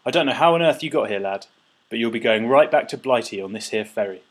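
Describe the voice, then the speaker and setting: Pompous sneering seagull boss, overfed and loud, read by a man with a husky voice. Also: medium pitch, expressive, quick pace, lightly acted. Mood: blustering. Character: pompous overfed male seagull border chief.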